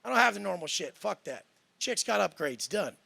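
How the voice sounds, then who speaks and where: A man's voice: high-pitched, sing-song, brisk, vocal fry, sharp tone. A man in a heated panel debate, talking in a profane, boastful and combative way. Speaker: panel guest.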